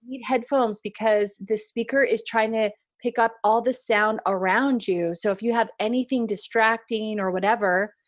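A woman hosting a podcast in a relaxed, conversational way. She moves from friendly chat into calm, reflective advice as she introduces the episode's theme. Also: a little high, normal speed, few pauses, no room sound. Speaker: podcast host.

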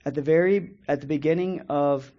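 A man preaching a Bible lesson in a measured way, reading scripture slowly and pausing often. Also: on the high side, steady tone, muffled recording. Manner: measured, reads scripture slowly with pauses and restarts. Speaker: preacher teaching a Bible study. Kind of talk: sermon-style Bible teaching.

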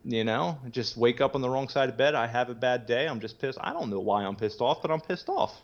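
A young man in recovery tells his story candidly and ramblingly, full of "you know" and casual swearing. His medium-pitched voice is animated and fairly quick, on muffled lo-fi audio.

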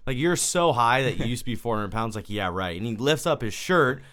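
A man hosting a casual podcast conversation in a voice of ordinary pitch. He tells stories in an animated way, acting out the quoted lines. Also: brisk. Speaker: podcast host. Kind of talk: casual interview chat.

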